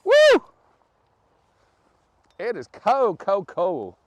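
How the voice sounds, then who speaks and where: A man's voice: high voice, moderate pace, dry recording. A man hosting a casual live vlog outdoors in freezing weather, chatting and laughing with his viewers. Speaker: livestream host. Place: outdoors in freezing wind and snow. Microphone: camera on a tripod.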